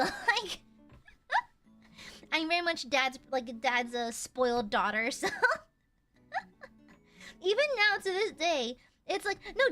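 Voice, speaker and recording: A woman livestreamer chatting casually, giggling often and rambling through fillers. Her voice sits high and sounds bright. Soft background music plays beneath her. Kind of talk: casual chat with viewers.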